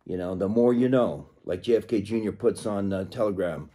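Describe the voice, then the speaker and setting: A man talking casually to camera in a rambling way, clearing a frog from his throat. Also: on the low side, moderate pace, warm tone. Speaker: vlogger.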